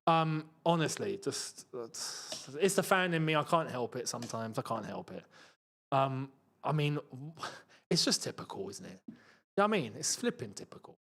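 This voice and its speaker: A man's voice: medium pitch, big pitch swings, moderate pace. A young man hosting a live football watchalong, chatting and reading out viewer comments. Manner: chatty, reads out viewer comments, bursts into emotional shouts. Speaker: football channel host.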